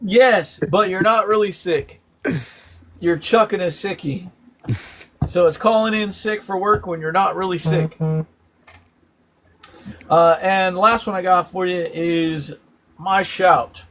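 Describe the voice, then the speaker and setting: A man with a fairly high voice hosts a relaxed live stream. He walks through slang words one after another, animated and quick to laugh. A faint hum of room ambience sits behind him. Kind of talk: casual live-stream chat.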